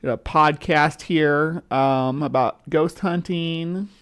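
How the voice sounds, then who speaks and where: A woman's voice: sits low, slow pace, clear, resonant tone. Rambling woman hosting a livestream. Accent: central US. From central US, between the South and the upper Midwest. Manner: rambling, chatty, greets viewers as they join; skeptic. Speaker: livestream host. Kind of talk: casual livestream chat.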